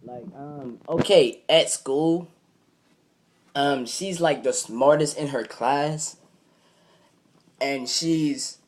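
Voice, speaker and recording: A man's voice: on the high side, extremely slow, long pauses. A young man vlogging a casual, rambling story, swearing freely and retelling it line by line. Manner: rambling, profane, retells with "I'm like".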